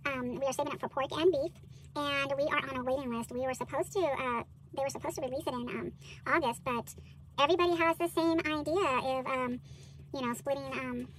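A woman's voice: high voice, a little hiss or hum. A woman hosting a budgeting vlog, chatting casually with many fillers while counting out cash. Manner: bubbly excited exclamations.

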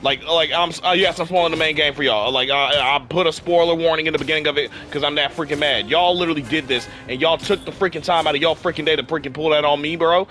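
A man's voice: fairly high pitch, fast, few pauses, sharp tone, soft background music. A young man, sick and a bit worn in the voice, ranting in exasperation as he comments on a game he is playing. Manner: ranting, exasperated, heavy use of "freaking". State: sick, voice affected. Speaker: gaming YouTuber. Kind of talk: casual gameplay commentary.

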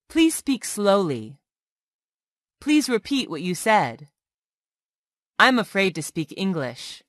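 Slow, lively-voiced woman reading phrases. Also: mid-range voice, no room sound, clean studio sound. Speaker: English tutor. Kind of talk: reading practice phrases aloud.

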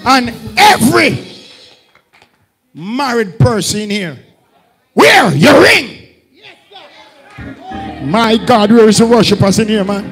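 A Jamaican man leading a fiery Pentecostal service, shouting repeated calls to the congregation. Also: sits high, lively intonation, slow pace, pauses often, soft background music, rough recording. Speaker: apostle leading a church service. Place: church hall during a live service.

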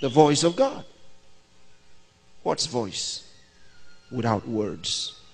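A man's voice: mid-range voice, very animated, drawn-out words, vocal fry, breathy edge. A man in his sixties, a pastor, preaching a sermon by asking questions and answering them himself. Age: 60s. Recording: long reverb of a large hall.

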